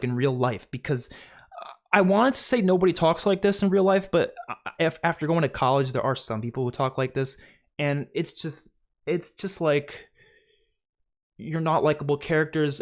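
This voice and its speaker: A young man with a slightly higher voice hosts a livestream and rants in a loose, casual way. He sounds exasperated, leans on "like" constantly and keeps restarting his sentences. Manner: heavy use of "like", exasperated, restarts often. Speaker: livestream host. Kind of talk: casual ranting commentary.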